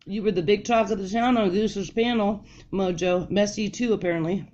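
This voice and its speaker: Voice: medium pitch, moderate pace, darkish tone. A speaker on a casual group audio chat, agreeing and chiming in with short replies. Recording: dull lo-fi audio with faint noise.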